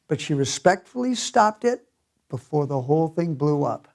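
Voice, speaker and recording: A man preaching a sermon as pastor in a church, telling the story in an animated way and chuckling often. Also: fairly high pitch, moderate pace.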